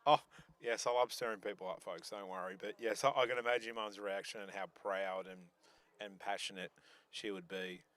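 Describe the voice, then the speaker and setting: A man's voice: lowish voice, level tone, brisk, a bit bright. A man commentating a bowls live stream, chatty and joking, with many restarts.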